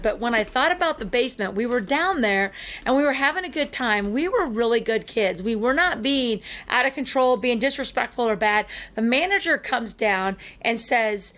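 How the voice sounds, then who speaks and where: A woman hosting a podcast, telling a long personal story in an animated, chatty way with frequent fillers. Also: fairly high pitch. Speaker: podcast co-host. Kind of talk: casual storytelling chat.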